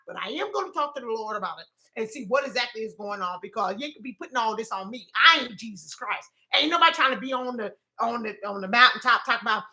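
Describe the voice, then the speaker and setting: A woman with a high, bright voice gives an emotional livestream pep talk. She repeats herself, preaches with spiritual fervor and drifts into exasperated, loud rants. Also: fast. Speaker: host and counselor.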